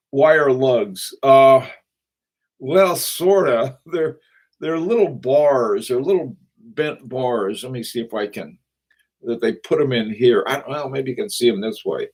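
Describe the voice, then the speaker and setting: A man hosting a casual livestream about watches. He greets viewers and rambles with frequent chuckles, fillers and restarts. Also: medium pitch. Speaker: watch channel host.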